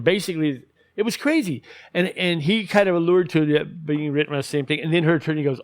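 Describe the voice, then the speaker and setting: A man's voice: fairly high pitch, brisk. A man ranting in casual commentary, heated and profane, rambling with many restarts.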